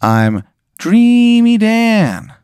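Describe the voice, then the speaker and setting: A man putting on the voice of a creepy male clown who rules a dreamscape, slow and drawn out. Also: high-pitched, sing-song, darkish tone, clean tone, dry recording, studio quality, pitched above the performer's own voice, exaggerated voice.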